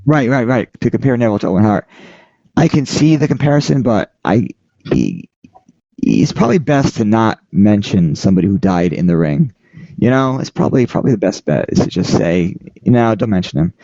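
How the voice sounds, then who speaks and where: A man with a low, mellow voice hosts a casual podcast chat. His pitch swings widely, and he keeps stopping and restarting his sentences. The audio is dry and dull, as if from a lo-fi setup. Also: sing-song, vocal fry, no echo. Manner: halting, rambling, frequent restarts. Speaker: podcast host.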